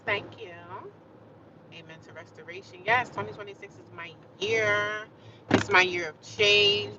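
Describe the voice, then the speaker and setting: A woman chatting on a livestream, encouraging and preachy, talking straight to her viewers. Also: fairly low pitch. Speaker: livestreamer sharing her life. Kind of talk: casual motivational livestream chat. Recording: distant, dull mic with loud traffic noise.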